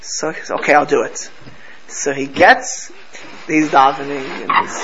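A man's voice: on the high side, fairly even intonation, normal speed, lo-fi sound, a crowd in the background. A man teaching a Torah class to a live group, telling stories animatedly and mixing Hebrew and Yiddish terms into his English.

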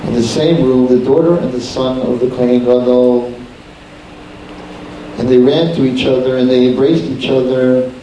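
A man with a mellow, dark-toned voice tells a story as a sermon, in a dramatic storyteller's manner. He is recorded from some distance in a very echoey hall, with faint ambient noise behind him. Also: medium pitch, steady tone, normal speed.

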